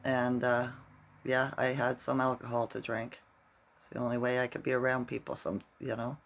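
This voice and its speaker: Gravelly middle-aged man rambling to camera. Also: medium pitch, level tone, moderate pace, fairly bright tone. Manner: rambling storyteller, constantly tags "right?". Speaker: vlogger. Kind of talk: casual rambling vlog.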